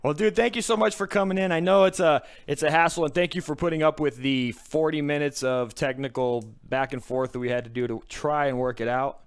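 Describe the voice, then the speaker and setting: A man's voice: on the high side, steady tone, a little fast, hardly any pauses, smooth. Breathless frazzled podcast host, a man. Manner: frazzled, swearing, talks to chat. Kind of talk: casual live-stream chat.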